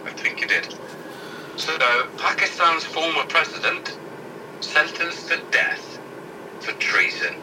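A man reads news headlines aloud during casual banter, swearing freely and tripping over the harder words. He sits well back from the microphone, and loud background noise runs under everything he says. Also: a little high, big pitch swings, takes it slowly, pauses often, distant mic. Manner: irreverent, sweary, stumbles while reading aloud. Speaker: co-host reading out news headlines.

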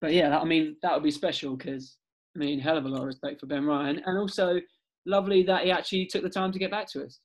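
A man hosting a podcast, talking casually and excitably, laughing often. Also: a little high, quick pace, poor audio. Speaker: podcast host. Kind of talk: casual chat.

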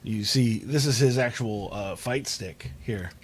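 A man's voice: fairly low pitch, unhurried, slight background noise. A young man hosting a casual podcast over a video call, telling stories with lots of fillers and restarts. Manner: rambling storyteller, many fillers and restarts. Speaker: podcast host.

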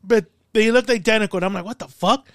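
High, smooth-voiced profane podcast host. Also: male voice, quick pace, dry recording, clean studio sound. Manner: profane, animated storytelling. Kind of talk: casual podcast chat. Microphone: studio mic.

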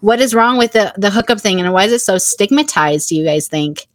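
A woman's voice: medium pitch, animated, a little fast, no echo. A woman co-hosting a podcast in frank, casual chat, blunt and swearing freely. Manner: blunt and candid, swears freely, acts out quotes. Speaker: podcast co-host.

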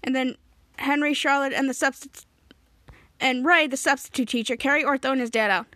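A woman's voice: high-pitched, fairly even intonation, a little fast, bright, forceful tone, dry recording. A woman podcast host casually retelling a TV episode scene by scene. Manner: retells scenes step by step, acting out lines.

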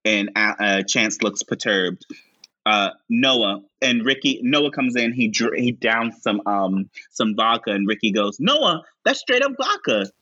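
A man co-hosting a casual chat, slowly recapping a TV scene with lots of fillers and pausing to act out lines in a higher voice. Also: steady tone, bright, forceful tone, dry recording, highs cut off. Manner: slow, halting recap with frequent fillers and high-pitched quoted lines. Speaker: podcast co-host recapping a show.

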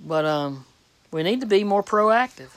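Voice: medium pitch, lively intonation, measured pace, a bit bright, no echo. A preacher giving a plain-spoken, folksy sermon, reading scripture aloud and repeating phrases for emphasis.

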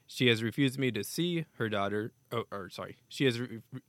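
A man's voice: lowish voice, brisk, few pauses, a bit bright, no room sound. A man hosting a casual hockey news podcast, reading statements aloud with offhand asides. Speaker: podcast host.

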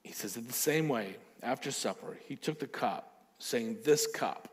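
A man's voice: medium pitch, expressive, a little slow. A male pastor preaching a sermon, emphatic, with repeated phrases and acted-out quotes.

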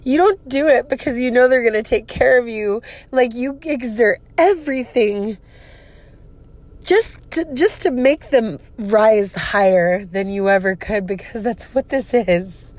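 A woman's voice: a little high, unhurried, a little mellow. A woman in her thirties with an emotional, profane, venting manner, hosting a casual personal podcast. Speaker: podcast host.

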